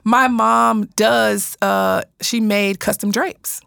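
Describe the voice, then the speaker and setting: A woman hosting a casual interview, playful and teasing, quick to laugh. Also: a little high, steady tone, gravelly, a bit bright, dry recording, studio quality. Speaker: host.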